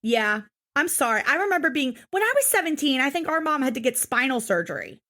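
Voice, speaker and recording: A woman's voice: sits high, big pitch swings, brisk, bright, forceful tone. A young woman co-hosting a podcast, recapping an episode in casual, exasperated chat full of swearing. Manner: exasperated, profane ranting. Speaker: podcast co-host.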